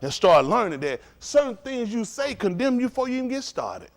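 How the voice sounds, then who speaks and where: A man preaching a fiery lesson, his voice sitting high and leaping around with animated swings. He is profane and provocative, peppering the room with rhetorical questions. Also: a little fast. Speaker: teacher of a religious study group.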